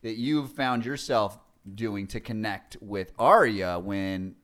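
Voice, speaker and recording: A young man hosting a casual podcast about parenting, joking and animated, acting out quotes as he talks. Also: lowish voice, takes it slowly. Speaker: podcast host, father.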